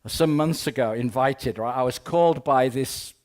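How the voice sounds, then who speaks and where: A man's voice: mid-range voice, normal speed, darkish tone. Male speaker, mid-range voice, humorous storytelling talk, wry asides, rambling delivery. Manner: rambling, often restarts with "anyway". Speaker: keynote speaker.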